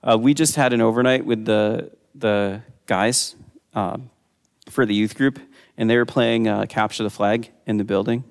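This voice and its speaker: A man's voice: fairly even intonation, moderate pace, gravelly, clean tone. Man preaching in a reverberant hall. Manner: conversational teaching, reads scripture aloud with raised pitch. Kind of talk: sermon.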